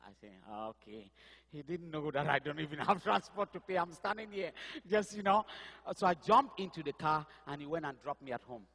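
A man from Cameroon preaching a sermon, telling his own story, with quiet asides and sudden loud outbursts. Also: on the high side, animated, normal speed, vocal fry, long reverb tail. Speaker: pastor. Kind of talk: sermon testimony.

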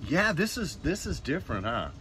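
A man's voice: fairly high pitch, very animated, a little fast, crowd noise. A man co-hosting a casual chat, reacting with upbeat enthusiasm. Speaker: co-host. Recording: noisy with vehicle hum.

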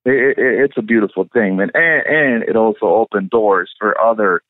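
A man telling stories as an actor guest in a casual interview, animated and profane, laughing often. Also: fairly low pitch, moderate pace, no echo, narrow, tinny audio.

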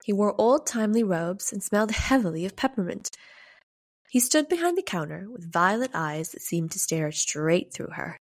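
A woman reading a story aloud as a podcast narrator, in a measured, gentle pace with dramatic pauses. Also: mid-range voice, very animated.

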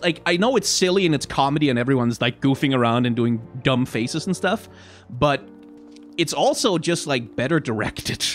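A man's voice: fairly high pitch, a bit bright. Rambling streamer man. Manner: rambling, self-interrupting. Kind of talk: casual chat while playing a game.

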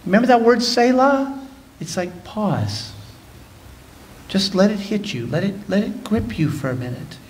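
Canadian male pastor, high-pitched, dynamic sermon delivery with scripture reading. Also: very animated, moderate pace. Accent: Canadian English. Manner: preaching with dynamic shifts between loud and soft, reading scripture aloud. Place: church sanctuary.

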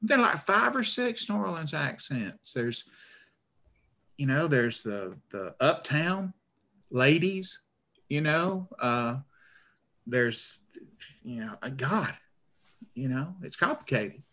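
A man's voice: fairly high pitch, big pitch swings, slow, long pauses, bright, forceful tone. Stammering man with a northern Alabama drawl. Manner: stammering, rambling, self-deprecating. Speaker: author guest. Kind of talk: conversational interview. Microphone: video call.

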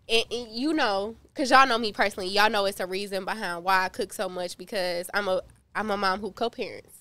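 A woman in her thirties speaks in a frank, easygoing way, chatting as a podcast co-host. Her voice sits at a middle pitch, relaxed and conversational. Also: fairly quick, no echo. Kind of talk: casual chat.

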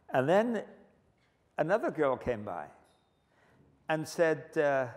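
A male preacher giving a sermon with animated, humorous storytelling. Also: fairly high pitch, takes it slowly, pauses often. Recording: long hall reverb.

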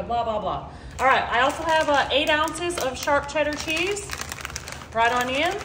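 A woman's voice: high-pitched, fairly bright tone, reverberant, slight background noise. A woman hosting a casual cooking video in her home kitchen, chatting to viewers and saying y'all a lot. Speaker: cooking channel host. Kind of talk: casual cooking vlog chat.

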